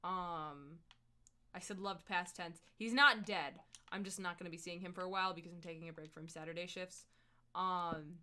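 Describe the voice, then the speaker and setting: A young woman streamer telling a rambling, animated story while she plays a game at home. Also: fairly low pitch, a little hiss or hum. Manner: chatty, rambling, animated retelling. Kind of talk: casual storytelling while gaming.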